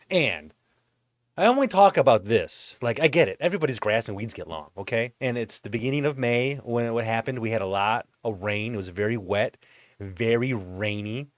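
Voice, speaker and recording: A man rants in a comedic monologue, swearing freely and sounding exasperated as his voice jumps around for effect. His voice sits at an ordinary middle pitch. It is recorded close and dry, with no room echo. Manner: profane ranting; exasperated, animated storytelling. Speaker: vlog host. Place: home.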